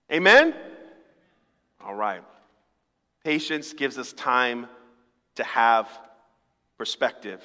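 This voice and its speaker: In a church sanctuary full of long hall reverb, a pastor preaches his sermon in a medium-pitched, sing-song voice with a sharp tone. He talks slowly with frequent pauses, keeping it conversational and funny while acting out small dialogues.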